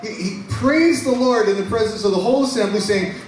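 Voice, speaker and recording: A man with a Canadian accent, a pastor preaching a sermon, animated and casual as he reads scripture and retells it in plain words. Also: high-pitched, brisk, a little hiss or hum. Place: large church hall. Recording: echoey hall, mic from far off.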